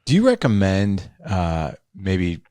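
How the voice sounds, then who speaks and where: A man's voice: deep voice, huge pitch swings, slow pace, mellow, dry recording. A man hosting a podcast, asking questions and giving short, encouraging interjections. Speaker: podcast host.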